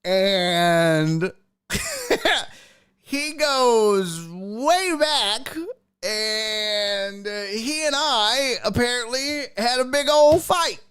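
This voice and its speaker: A man's voice: extremely high pitch, big pitch swings, very slow, fairly bright tone, clean tone, dry recording, studio quality. A man hosting a casual sports and entertainment livestream, telling jokey stories and reading viewer chat aloud. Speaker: sports and entertainment show host.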